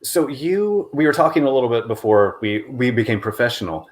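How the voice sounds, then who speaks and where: A man hosts a casual interview chat in a playful, teasing manner, often laughing at his own jokes. His medium-pitched voice is expressive and brisk, with slight background noise.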